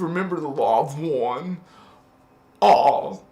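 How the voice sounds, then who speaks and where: Male spiritual host with a high voice and a slow, hesitant, scolding delivery, recorded in a reverberant room. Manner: preachy and scolding, with sudden loud chanted words; hesitant, many fillers and restarts. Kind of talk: confrontational spiritual monologue. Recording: echoey room.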